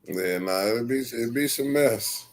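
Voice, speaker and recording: A man's voice: medium pitch, unhurried, slight background noise. Blunt, opinionated man co-hosting. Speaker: co-host. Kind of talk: casual chat.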